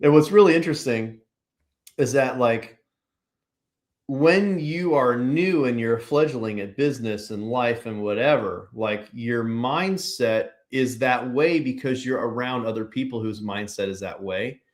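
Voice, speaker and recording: Rambling man from Pennsylvania, mid-pitched. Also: unhurried. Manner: rambling, heavy on "like" and "you know". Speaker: podcast guest, business owner. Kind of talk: casual conversational interview.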